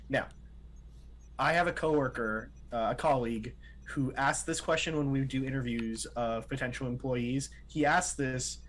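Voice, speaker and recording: A man's voice: mid-range voice, a bit bright, slight background noise, low-quality recording. A man co-hosting a casual podcast, earnest and explanatory as he tells a story at length. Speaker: podcast co-host. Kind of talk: casual chat.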